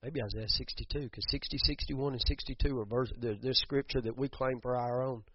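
A man's voice: mid-range voice, fairly even intonation, fairly quick, slight background noise. A man preaching a sermon, building to emphatic bursts and repeating words as he goes. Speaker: pastor. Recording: dull muffled sound, dry.

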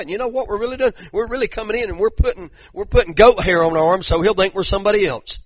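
A man's voice: high voice, rapid-fire, hardly any pauses, no echo, highs cut off. A pastor preaching a fervent sermon, repeating his points and using casual slang. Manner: fervent, repetitive preaching with Southern-style slang.

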